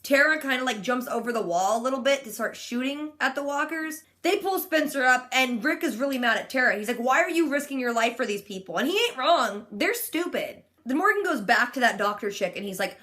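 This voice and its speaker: A woman's voice: high-pitched, animated, brisk, few pauses, a bit bright. A woman in her twenties recapping a TV episode in casual chat, sarcastic and full of "like". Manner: sarcastic, chatty, heavy use of "like". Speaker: vlogger.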